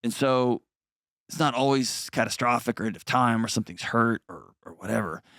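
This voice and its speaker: A man hosting an advice call-in show, talking in an earnest, conversational way and gently reassuring a caller. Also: mid-range voice, normal speed, dry recording, clean studio sound.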